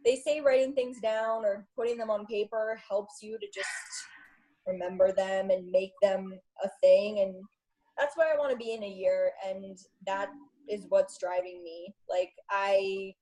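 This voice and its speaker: A woman's voice: mid-range voice, steady tone, unhurried, mellow, rough recording. Chatty, rambling young woman guest. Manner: rambling and chatty, often laughing at herself. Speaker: interview guest, new coach. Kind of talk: casual interview.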